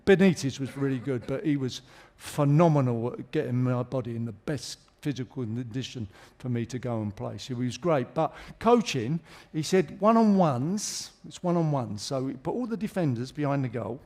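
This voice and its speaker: A middle-aged man, a guest in a live interview on a theatre stage, tells jokey anecdotes and chuckles as he goes. His voice is medium-pitched and a little mellow, at normal speed with hardly any pauses.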